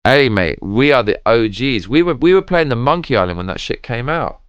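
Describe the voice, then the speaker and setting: A man's voice: mid-range voice, animated, normal speed, clean tone, no echo, highs cut off. A man streaming a game, talking casually to his chat while drunk, rambling and swearing.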